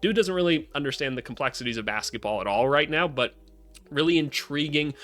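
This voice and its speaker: A young adult man hosting a casual basketball commentary vlog, blunt and sarcastic and quick to swear. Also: fairly high pitch, expressive, a bit bright, faint music behind. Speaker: basketball analyst, channel host.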